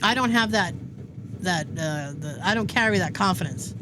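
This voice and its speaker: A woman's voice: on the low side, lively intonation, moderate pace. A woman in her fifties hosting a podcast, telling rambling stories with frequent laughter. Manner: rambling storyteller, laughs often. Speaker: podcast host. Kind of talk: casual chat. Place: indoor room with a space heater running. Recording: noisy room with heater hum.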